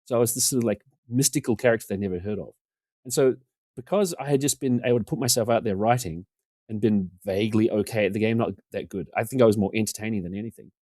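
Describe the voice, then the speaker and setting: A New man, low voice, fast rambling yarn. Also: mellow, no echo. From New Zealand. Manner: rambling, self-deprecating, acts out quotes. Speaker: podcast guest. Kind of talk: casual storytelling.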